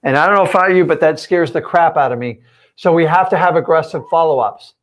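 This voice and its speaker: A man's voice: fairly high pitch, quick pace. A man coaching his viewers on a live stream, talking straight at them in an emphatic, direct way. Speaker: real estate coach.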